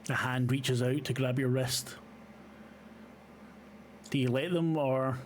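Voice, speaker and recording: A man's voice: mid-range voice, fairly even intonation, slow, slight background noise. A man running a tabletop horror game as game master, describing scenes with frequent ums and uhs. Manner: hesitant, many fillers.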